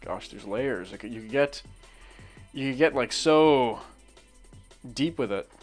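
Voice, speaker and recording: A man's voice: mid-range voice, animated, takes it slowly, soft background music. A young man chatting casually while he draws, telling a crude story in a rambling way, full of restarts and laughing asides. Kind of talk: casual chat while drawing.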